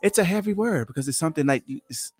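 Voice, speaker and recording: Man, podcast host, lively pitch, teasing, joking, casual chat, faint music behind. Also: rapid-fire. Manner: joking, teasing, loud bursts.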